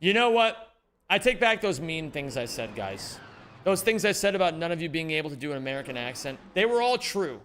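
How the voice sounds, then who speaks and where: A man's voice: fairly high pitch, sing-song, fairly quick, fairly bright tone, a little hiss or hum. A man streaming a speedrun in casual chat, joking and mocking himself as he reads and answers viewers' messages.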